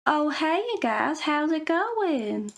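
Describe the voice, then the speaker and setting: A woman's voice: sits high, big pitch swings, takes it slowly, vocal fry, voice pushed up, heavily acted. A woman voicing a chirpy teen girl who sweetly reassures her friend in a skit. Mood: sweet, reassuring.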